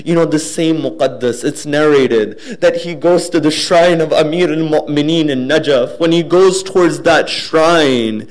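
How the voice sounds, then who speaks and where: A man delivering a sermon, telling a devotional story earnestly and dropping low and soft at solemn points. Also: measured pace, hardly any pauses, rough recording. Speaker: speaker at a religious gathering.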